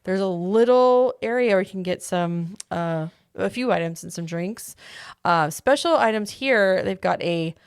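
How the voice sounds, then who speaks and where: A woman's voice: medium pitch, unhurried, clear, resonant tone, no room sound. A woman with a mid-range voice chats on a podcast, reading through notes in an easygoing way. The sound is close and dry, with no room around it. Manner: easygoing, laughs often, reads from notes. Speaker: podcast co-host. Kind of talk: casual chat, reading out menu items.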